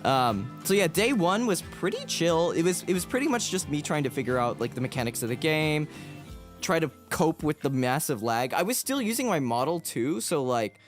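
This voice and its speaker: A man's voice: a little high, big pitch swings, normal speed. Rambling self-deprecating male streamer. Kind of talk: casual livestream chat. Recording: background music under voice.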